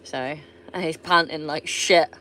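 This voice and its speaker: This livestreamer, an Englishwoman with a Somerset accent, replies to viewer comments in a relaxed chat peppered with swearing. She has a low, steady, unhurried voice that's a bit bright, with a little hiss or hum in the audio.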